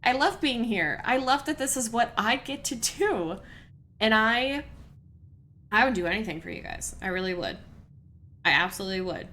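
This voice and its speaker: A woman's voice: fairly high pitch, animated, moderate pace, long pauses, sharp tone. A young adult woman, streaming a game and chatting with viewers in a rambling, earnest way, laughing often and reading chat aloud. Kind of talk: casual let's-play chat with viewers.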